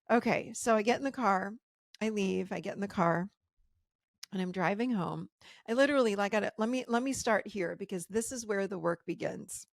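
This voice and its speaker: Woman storyteller with a gravelly edge. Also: no echo, clean studio sound. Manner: animated retelling, voice jumps high when quoting her shock. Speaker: podcast host. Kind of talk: personal storytelling.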